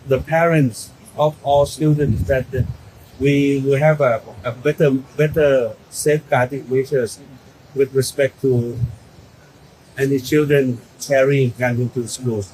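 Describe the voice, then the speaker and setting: A man, a government official giving a press statement, pausing often and restarting phrases. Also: mid-range voice, steady tone, dark tone, a little hiss or hum, low-quality recording. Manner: halting, many pauses and restarts.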